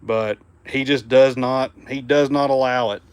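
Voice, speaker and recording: A man's voice: medium pitch, fairly even intonation, unhurried, smooth, no echo. Easygoing Southern man chatting on a livestream. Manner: easygoing, drops to a hushed murmur around his dog. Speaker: livestream host. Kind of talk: casual livestream chat, reading viewer comments. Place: home room indoors.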